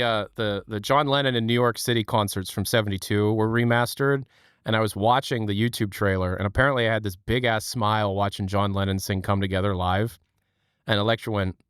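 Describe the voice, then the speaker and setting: A man's voice: mid-range voice, a bit bright, clear, resonant tone, dry recording, studio quality. A young man hosting a livestream, chatting with viewers in a rambling, joking way at home. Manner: rambling, joking, quick asides. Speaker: livestream host. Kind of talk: casual chat with chat viewers.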